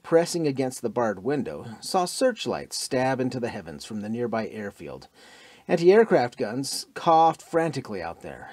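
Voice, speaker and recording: Lively, dramatic male audiobook narrator. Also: medium pitch, dry recording. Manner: dramatic, expressive reading.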